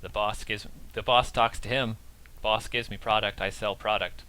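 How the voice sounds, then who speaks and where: A man's voice: lowish voice, fairly even intonation, moderate pace, pushed and bright, clean tone. A man voicing a weary captive orc dealer. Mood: evasive. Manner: grumbling, evasive and resigned.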